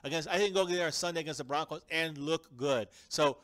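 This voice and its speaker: A man hosting a casual live-stream sports chat, energetic and emphatic, often calling out to viewers. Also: fairly high pitch, fast. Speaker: fan show host.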